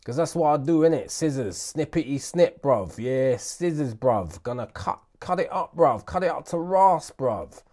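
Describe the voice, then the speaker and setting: A man's voice: medium pitch, lively intonation, normal speed, few pauses, mellow. A British man casually talking through a music production tutorial in heavy slang, joking and muttering asides to himself. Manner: slangy and jokey, "bruv" after nearly every sentence; mutters grumbling asides under his breath. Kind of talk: casual screen-recorded tutorial.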